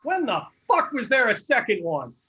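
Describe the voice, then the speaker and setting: A man's voice: very high-pitched, huge pitch swings, normal speed, sharp tone, husky. A man playing an improv comedy game on a video call, making absurd claims with a straight face. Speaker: improv performer. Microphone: video call mic. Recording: muffled video call audio.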